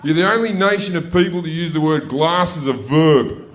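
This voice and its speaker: A man's voice: a little high, moderate pace, noisy background. A man with an Australian accent doing profane stand-up comedy on a club stage, telling a brash story to a laughing audience.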